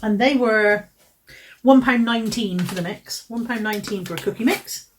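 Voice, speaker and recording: A woman's voice: mid-range voice, moderate pace, distant mic, slight background noise. A woman chatting casually at home as a vlogger, rambling and poking fun at herself. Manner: chatty, self-mocking, rambling. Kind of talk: casual haul chat. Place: home, indoors.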